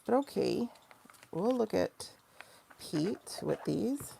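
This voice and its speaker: Gravelly-voiced woman chatting on a livestream. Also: medium pitch, lively intonation, slow pace, long pauses, dark tone, a little hiss or hum. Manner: chatty, rambling and emotional, reacting to chat comments. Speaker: tarot reader and livestream host. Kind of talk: casual livestream talk with tarot reading.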